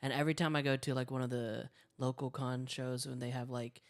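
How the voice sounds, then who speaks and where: A man co-hosting a casual fan livestream, excitable and playful. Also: mid-range voice, fairly quick.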